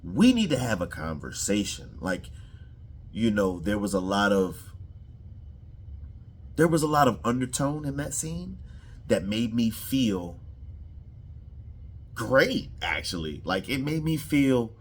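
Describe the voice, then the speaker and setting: Low husky guy rambling about a show episode, swoops up and down a lot, curses freely. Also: slow, pauses often. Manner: animated, profane, repeats himself. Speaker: show reviewer. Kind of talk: casual reaction chat.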